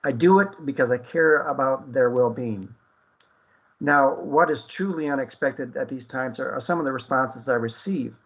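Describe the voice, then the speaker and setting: A man's voice: mid-range voice, normal speed, a bit bright, slightly rough, muffled recording. A man hosting an internet radio talk show, speaking earnestly with many fillers and restarts.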